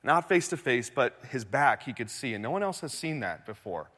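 A man preaching a sermon in a church, telling the story with animated swings between loud and hushed delivery. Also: medium pitch, moderate pace, long reverb tail. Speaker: pastor.

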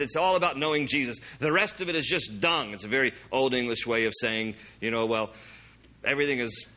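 A man preaching a sermon, reading scripture aloud with emphasis and slowing down for the verses. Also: medium pitch, bright, forceful tone. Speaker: pastor.

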